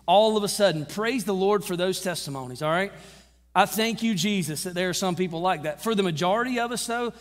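A man preaching a sermon as pastor, casual and conversational, slowing down for emphasis and acting out Bible quotes. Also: high voice, long reverb tail. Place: church sanctuary.

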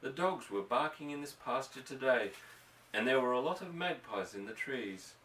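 A man voicing an anxious ranch wife and mother, speaking softly and with worry. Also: medium pitch, expressive, normal speed, a little hiss or hum, close to an everyday voice. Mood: uneasy. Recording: roomy, distant mic.

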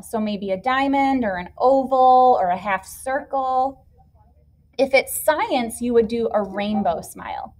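A woman's voice: on the high side, darkish tone. A woman teacher patiently explaining a classroom activity step by step to young children. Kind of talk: classroom instruction video.

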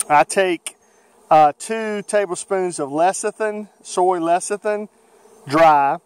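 A man with a Southern American accent, a beekeeper talking through a how-to video outdoors in his bee yard in a folksy, unhurried way with many fillers. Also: fairly high pitch, clean tone. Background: buzzing bees.

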